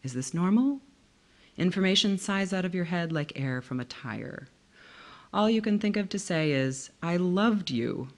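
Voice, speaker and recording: A woman author reading from her own novel in a measured, expressive way. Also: lowish voice.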